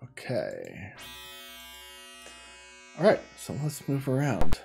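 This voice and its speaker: This let's-play host has a gravelly, darkish, medium-pitched voice with huge swings in pitch, and he takes his time. He muses aloud and reads game text with stumbles and restarts, faint music behind him.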